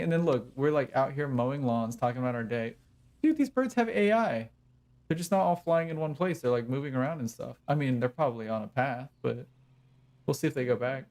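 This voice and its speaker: A man's voice: on the high side, expressive, a little fast, a little mellow. A young adult man streaming a game, chatting casually in a rambling, joking, self-mocking way. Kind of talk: casual gaming commentary.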